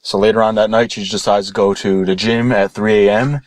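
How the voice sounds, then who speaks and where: Young man rambling a deadpan comic tale. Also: fairly low pitch, fairly quick, no room sound. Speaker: storyteller. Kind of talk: rambling comic parody storytelling.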